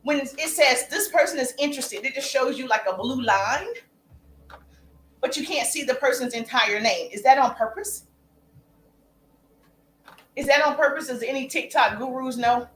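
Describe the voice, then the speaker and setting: High-voiced energetic woman coaching live. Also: moderate pace, long pauses, roomy sound, slight background noise, low-quality recording. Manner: energetic, calls out viewers by name. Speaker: business coach. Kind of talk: live-stream coaching talk.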